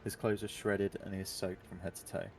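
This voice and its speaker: Low gravelly male game master, relaxed, descriptive narration, faint music behind. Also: brisk. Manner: relaxed, descriptive with frequent ums. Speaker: dungeon master.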